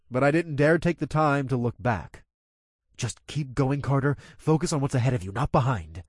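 A man's voice: mid-range voice, no echo, clean studio sound. A man reading a first-person action story aloud in a casual, profane manner. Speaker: narrator.

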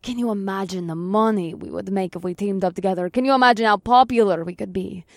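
A woman's voice: mid-range voice, fast talker, no echo, studio quality, lightly acted. A woman reading an audiobook, voicing a vain, haughty superheroine with a Russian accent. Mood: scheming. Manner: haughty, disdainful. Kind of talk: audiobook character voice.

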